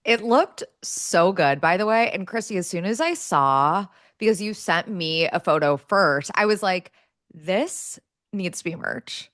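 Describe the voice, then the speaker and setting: A woman's voice: on the low side, lively intonation, unhurried, hardly any pauses, a bit bright, no echo, studio quality. A woman co-hosting a podcast, upbeat and playful, laughing often in casual chat. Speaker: podcast co-host.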